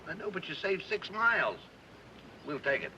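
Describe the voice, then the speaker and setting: A bossy, fast-talking straight man coaxes his partner along in an old TV comedy. His voice is bright and gravelly, rising and falling a lot. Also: sits high, sing-song, slight background noise, full character voice, rough recording. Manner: brisk, coaxing, takes charge. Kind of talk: 1950s TV slapstick comedy.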